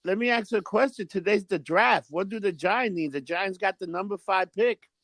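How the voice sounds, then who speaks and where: A man's voice: sits high, moderate pace, a bit bright, dry recording. A man co-hosting a casual podcast, swearing freely and asking questions, with lots of fillers. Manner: casual, profane, asks questions, many fillers. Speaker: podcast co-host.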